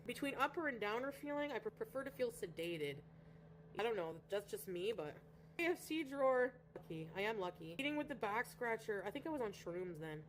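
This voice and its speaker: A woman's voice: on the high side, big pitch swings, brisk, a little hiss or hum. A woman from Canada chatting casually on a livestream, rambling and greeting viewers by name. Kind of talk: casual livestream chat reading viewer comments.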